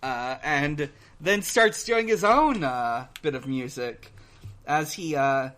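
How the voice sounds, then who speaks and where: A man co-hosting a podcast in casual chat, recapping a cartoon in a hesitant, halting way full of pauses. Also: a little high, fairly bright tone. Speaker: podcast co-host.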